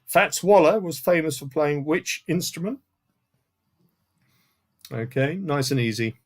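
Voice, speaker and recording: A man's voice: a little high, lively intonation, unhurried. A man hosting a live-streamed music quiz from home, reading out answers and scores with dry joking asides. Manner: chatty, with asides and dry jokes. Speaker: quiz host. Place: home room in front of a CD collection.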